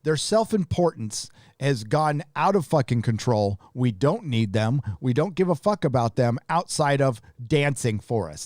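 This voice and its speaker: A man's voice: medium pitch, expressive, measured pace, hardly any pauses, darkish tone, no room sound, studio quality. A man hosting a live stream, reading viewer donations aloud and ranting bluntly with plenty of swearing. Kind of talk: casual live stream commentary.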